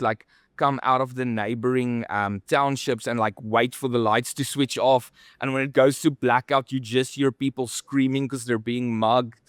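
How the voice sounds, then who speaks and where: Smooth-voiced man telling stories. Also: mid-range voice, dry recording, studio quality. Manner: rambling, animated storytelling with many fillers. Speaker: podcast co-host. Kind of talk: casual storytelling chat.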